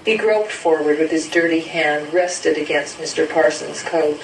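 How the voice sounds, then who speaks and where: Slow woman reading a story aloud. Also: low-pitched, echoey room, recorded from a distance, slight background noise, poor audio. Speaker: story reader.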